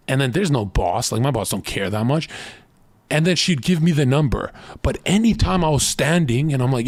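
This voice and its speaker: A man streamer ranting casual dating advice, blunt and profane, telling stories with animated voices. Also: medium pitch, normal speed, no echo, clean studio sound.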